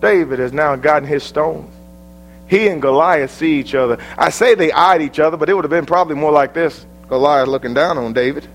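A man's voice: a little high, a little fast, faint music behind, poor audio. A man with an American accent preaching a sermon, telling the story in a dramatic, folksy way.

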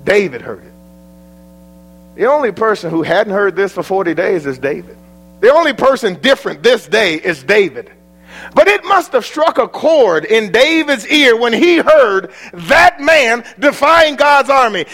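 American preacher, folksy, high voice, sweeping dramatic delivery. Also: male voice, very animated, measured pace, a bit bright, poor audio. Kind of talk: sermon.

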